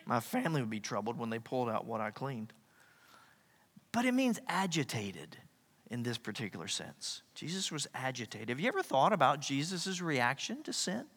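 A male pastor preaching a sermon, animated, swinging from loud emphasis to near-whispers. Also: medium pitch, moderate pace, slightly rough. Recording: echoey hall reverb.

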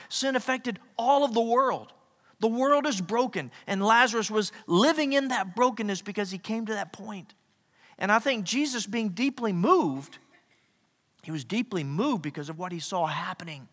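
A male pastor preaching a sermon, animated, swinging from loud emphasis to near-whispers. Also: on the high side. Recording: echoey hall reverb.

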